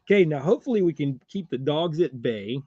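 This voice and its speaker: A fishing-channel host on a livestream talks in a folksy, rambling way and chuckles between thoughts. His voice sits a little high for a man. The sound is dry and a bit muffled, with no room echo. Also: expressive, a little fast, darkish tone, husky. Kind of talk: casual livestream chat while tying jigs.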